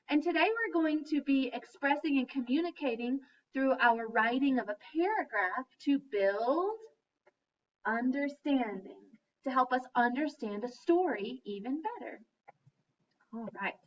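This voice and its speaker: A woman teacher giving a lesson to young children, speaking slowly and clearly and chanting in a sing-song voice. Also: sits high, recorded from a distance, dull audio, slight background noise. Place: classroom.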